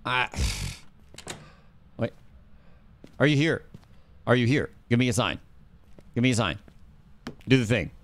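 A man's voice: medium pitch, animated, slow, pauses often, a little hiss or hum. A man streaming a ghost-hunting game, chatting casually and calling out to the ghost and his teammate. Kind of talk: casual gameplay chat.

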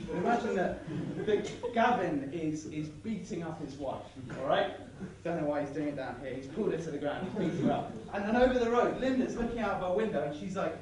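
Young man, high lively voice, rambling sardonic stand-up, distant in echoey hall, roaring crowd. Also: brisk. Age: young adult. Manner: rambling, sardonic, swears freely, laughing at own jokes. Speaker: student comedian. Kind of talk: stand-up comedy at a debating society. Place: large hall with live audience.

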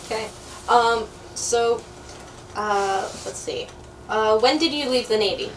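A woman interviewer asking short, soft-spoken questions in an oral history interview. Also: fairly high pitch, slow. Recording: distant mic, faint background noise.

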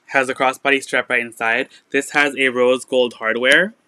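Guy running a live resale sale, chatty, bright crisp voice, dry sound. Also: medium pitch, fairly even intonation, normal speed, no room sound. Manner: chatty, lots of "like" and "um" fillers. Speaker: online resale seller. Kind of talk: live sale stream, casual chat.

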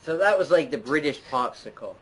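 A man's voice: fairly high pitch, expressive, brisk, fairly bright tone, breathy edge, low-quality recording. A young man hosting a casual gameplay chat, goofy and joking. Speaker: channel host.

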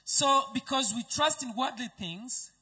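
Brief: bright, slightly husky church interpreter, relaying each line of the sermon right after the preacher, with restarts. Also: high-pitched, measured pace, in a large hall.

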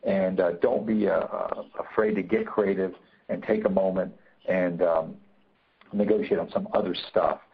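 Husky man teaching over a tinny line. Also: low-pitched, steady tone, normal speed. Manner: emphatic, repeats key points, many fillers. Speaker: negotiation trainer. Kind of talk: webinar teaching.

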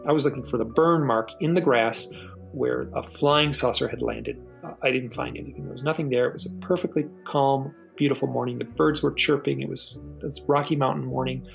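In a rough recording, a middle-aged man with a gravelly, medium-pitched voice appears as a podcast guest. He tells his personal story earnestly, haltingly, often doubling a word as a sentence begins.

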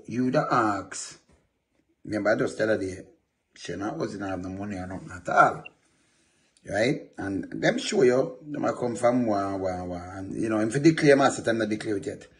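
Low-voiced man, rambling. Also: normal speed. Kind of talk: casual commentary over a news article.

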